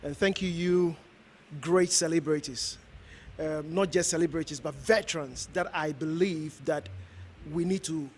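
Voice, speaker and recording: A man's voice: high-pitched, a bit bright, a little hiss or hum. A man from Ghana, a pastor, giving an earnest, exhorting speech to a gathering, repeating himself as he goes. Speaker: pastor hosting an honoring event.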